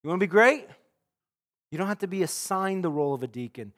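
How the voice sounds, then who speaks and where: High-voiced preaching man, loud and hushed. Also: animated, fast. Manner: earnest preaching, swings from loud emphasis to hushed. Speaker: pastor. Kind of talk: sermon.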